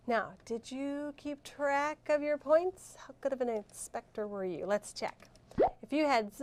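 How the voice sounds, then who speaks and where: Slow, clear-spoken woman teacher. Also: on the high side, noisy background. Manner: clear, slow, deliberate teacher talk with drawn-out words. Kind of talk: recorded video reading lesson.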